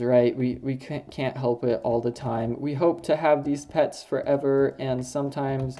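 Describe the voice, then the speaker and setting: A young woman giving casual, rambling commentary while she plays a building game, often breaking into sudden high-pitched exclamations. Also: warm tone. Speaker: gaming video host.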